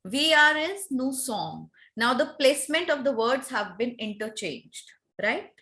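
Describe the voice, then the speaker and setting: A woman leads an online French lesson, slightly high in pitch. She speaks slowly and patiently, repeating words to drill pronunciation. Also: expressive, bright, forceful tone. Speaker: French teacher. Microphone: video call.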